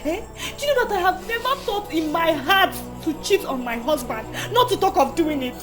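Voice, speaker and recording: A worried Nigerian wife speaks in a high, animated voice. She pleads and exclaims often. Music plays clearly behind her. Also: normal speed. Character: worried wife falsely accused of cheating.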